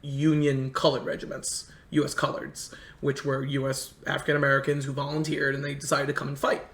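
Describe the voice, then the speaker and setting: A man in casual conversation telling history stories in a halting way, full of restarts. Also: mid-range voice, monotone, fairly bright tone. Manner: rambling, halting history storyteller with many restarts. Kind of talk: casual storytelling chat. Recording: echoey room.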